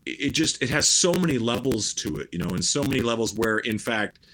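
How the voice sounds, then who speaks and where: A man's voice: mid-range voice, animated, brisk, fairly bright tone. A middle-aged man chatting casually as a podcast guest, rambling with many restarts and fillers. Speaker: guest musician.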